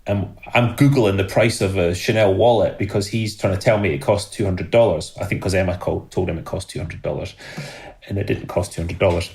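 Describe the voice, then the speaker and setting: A middle-aged Scottish man telling an animated story as a podcast guest, laughing as he goes. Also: deep voice, a little fast, gravelly. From Scotland.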